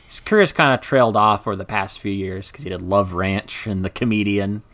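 Chatty man, low voice, casual film talk. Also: brisk, fairly bright tone, a little hiss or hum. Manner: chatty, laughs often, acts out quotes. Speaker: podcast co-host.

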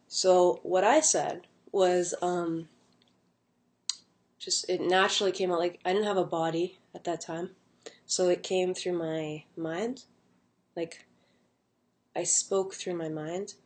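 A woman's voice: on the low side, fairly even intonation, slow, pauses often, a little mellow. A young adult woman casually telling a personal story at home, rambling with many fillers and restarts. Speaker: vlogger.

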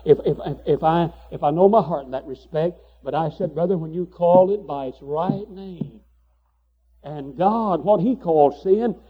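A man's voice: a little high, normal speed, husky, dull audio. A man preaching a sermon with fervor, repeating phrases for emphasis.

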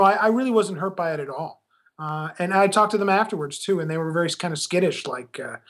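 A film director being interviewed, talking casually and laughing at himself, with lots of restarts. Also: male voice, sits high. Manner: chatty, self-deprecating, many restarts.

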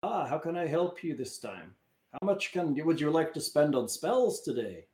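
A man's voice: on the high side, sing-song, normal speed, a little mellow. A man voicing a wry, oil-stained female shopkeeper who sells spells, in an echoey room.

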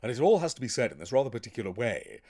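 A man, an actor talking in a blunt, animated, profane way in casual podcast chat. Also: medium pitch, rapid-fire.

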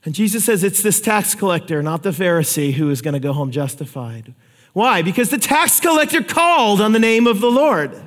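A man preaching a sermon, telling stories with lively acted-out quotes. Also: sits high, brisk, in a large hall. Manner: animated storytelling, acts out quotes. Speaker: pastor.

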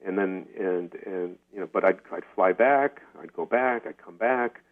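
A lower-pitched man comes through a thin, phone-like line, the sound narrow and tinny. He tells stories as an interview guest with animated energy. He stumbles and repeats words as he speeds into his point. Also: normal speed. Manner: animated storyteller, repeats words when excited. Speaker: podcast guest, documentary filmmaker. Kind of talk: casual interview talk.

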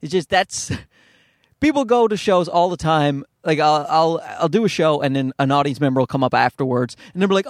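A man's voice: fairly high pitch, lively intonation, normal speed, no room sound, clean studio sound. A man from Newfoundland, Canada with a Newfoundland accent, a stand-up comedian rambling through a self-deprecating podcast monologue, swearing freely and mimicking people. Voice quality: nasal. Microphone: podcast microphone.

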